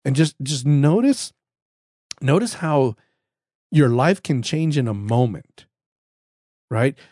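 Man, podcast Bible teacher, earnest and conversational, mellow tone, close dry sound. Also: medium pitch, animated, slow pace, dry recording. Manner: earnest, conversational, with frequent restarts and repetition. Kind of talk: casual spoken Bible teaching.

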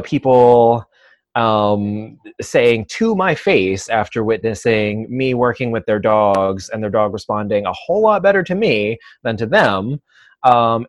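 A man who works as a dog trainer, speaking as an interview guest in a thoughtful, measured way, pausing often with "um" and "uh". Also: lowish voice, dry recording. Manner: thoughtful, measured, many "um" and "uh" pauses. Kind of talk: conversational interview.

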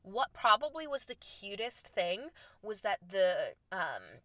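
A young woman telling a travel story in a casual, lively way, acting out the lines she quotes. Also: takes it slowly, no echo. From United States. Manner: animated, acts out quoted lines with big pitch jumps. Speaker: storyteller host.

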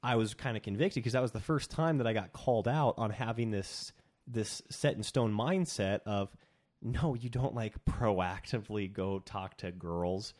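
Animated young man with a lowish voice. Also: normal speed. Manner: animated storyteller, many restarts. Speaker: podcast co-host. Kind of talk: casual chat.

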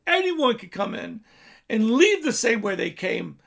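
Gravelly high-voiced male preacher. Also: very animated, a little slow, fairly bright tone. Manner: storytelling preaching, swells and drops in volume. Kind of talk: sermon.

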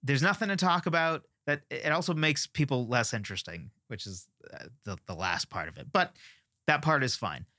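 A man's voice: mid-range voice, sing-song, normal speed, bright, forceful tone, no room sound, clean studio sound. Opinionated man ranting about songwriting. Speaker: songwriting teacher. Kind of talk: casual lesson on songwriting.

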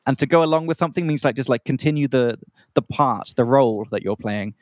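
A young Australian man co-hosts a podcast for English learners, casually spinning a rambling story, pausing to explain slang and acting out other people's voices. His mid-range voice has a darkish tone and a quick pace, and the recording has no room sound.

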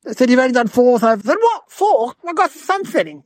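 A woman voicing an eight-year-old city boy, telling a rambling comedic story in a whiny, excitable way. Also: high voice, quick pace, no echo. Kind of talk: comedic character monologue.

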